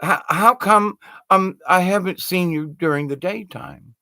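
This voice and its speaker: Curious young maiden, voiced by a male narrator; questioning, bright. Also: high-pitched, a little slow, gravelly, dry recording, clean studio sound, exaggerated voice. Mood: puzzled.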